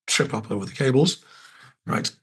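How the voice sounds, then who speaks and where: A middle-aged podcast host, hoarse and croaky, chatting casually while he walks through his house. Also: mid-range voice, expressive, moderate pace, fairly bright tone. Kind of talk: casual chat.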